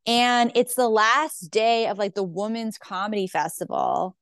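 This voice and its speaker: A woman's voice: mid-range voice, unhurried, a bit bright, clean tone, no room sound, clean studio sound. A woman comedian telling stories in casual chat, acting out quoted voices, saying "like" a lot and swearing freely. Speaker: stand-up comedian guest.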